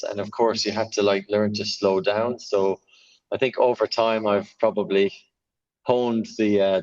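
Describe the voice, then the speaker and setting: A man in his thirties with a mild Irish accent softened by years in Australia and England, telling his story in a relaxed, chatty way as a podcast guest. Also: fairly low pitch, lo-fi sound. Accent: mild Irish, softened by Australian and English. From Ireland. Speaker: guest, sales professional. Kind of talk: conversational podcast interview.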